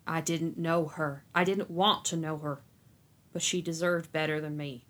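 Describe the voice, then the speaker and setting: A woman reading the part of a weary, guilt-ridden male sorcerer, speaking slowly and sternly. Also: fairly low pitch, steady tone, a bit bright, natural voice. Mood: remorseful. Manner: slow and stern.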